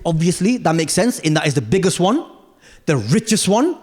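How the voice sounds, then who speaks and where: A man around forty with a British accent, performing live stand-up comedy in a theatre in a playful, animated way. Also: moderate pace, breathy edge. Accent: British English. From United Kingdom. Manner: animated, playful, with sudden jumps in pitch. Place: large theatre stage.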